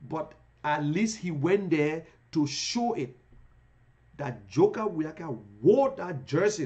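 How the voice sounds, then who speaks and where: A man's voice: a little high, darkish tone. A man with a Liberian English accent giving heated live-streamed political commentary, full of rhetorical questions.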